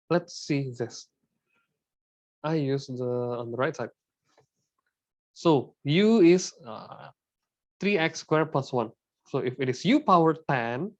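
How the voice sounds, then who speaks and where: A male math teacher with an Indonesian accent walks a class through the steps, checking in with them often. His voice sits a little high, and the recording sounds dull and lo-fi. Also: darkish tone. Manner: explains step by step, often adds "right?"; switches between English and Indonesian.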